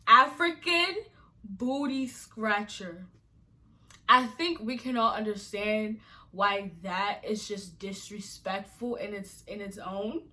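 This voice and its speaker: A woman's voice: mid-range voice, fairly even intonation, measured pace, sharp tone. A woman from Nigeria vlogging to camera, exasperated and emphatic, firing off repeated rhetorical questions. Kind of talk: casual to-camera rant.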